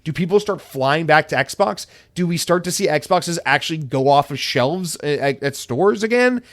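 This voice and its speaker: A man's voice: fairly high pitch, normal speed. Profane, fired-up male podcast host. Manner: profane, animated and opinionated. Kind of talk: solo podcast rant.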